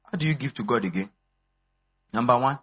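A man, preaching a sermon as pastor, animated and swinging between low asides and high exclamations. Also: brisk, breathy edge, lo-fi sound. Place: church.

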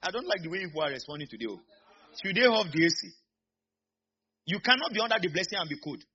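A man preaching a sermon as a pastor, animated and calling out to his congregation. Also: high voice, quick pace, lo-fi sound. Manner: animated, call-and-response preaching.

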